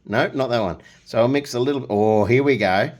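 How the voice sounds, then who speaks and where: Speaking at a brisk clip in a medium-pitched, somewhat dark voice, this middle-aged man runs a casual painting lesson. He's chatty and full of jokes, humming nonsense tunes while he paints.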